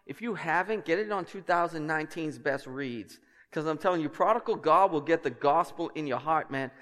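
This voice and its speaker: A man's voice: normal speed, fairly bright tone. A man preaching a sermon as pastor, passionate and emphatic, with conversational asides to his congregation. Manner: passionate, emphatic preaching that climbs in pitch and volume. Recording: long hall reverb.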